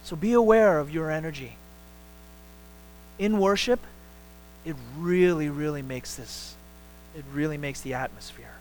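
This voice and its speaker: Animated pastor preaching, rising for emphasis. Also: male voice, fairly high pitch, a little slow, pauses often, a little hiss or hum, low-quality recording. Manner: animated, repeats words and restarts, rises sharply for emphasis. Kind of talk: sermon. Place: church sanctuary.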